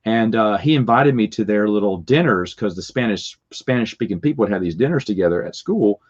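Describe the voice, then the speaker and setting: A man's voice: lowish voice, animated, fairly quick, husky. A middle-aged man telling rambling stories with restarts and little chuckles. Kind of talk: casual storytelling. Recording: dull lo-fi recording.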